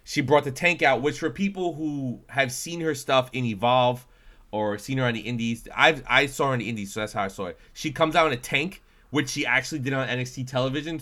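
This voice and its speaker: A man's voice: medium pitch, a bit bright. A man co-hosting a casual chat show, talkative and playfully teasing. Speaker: podcast co-host.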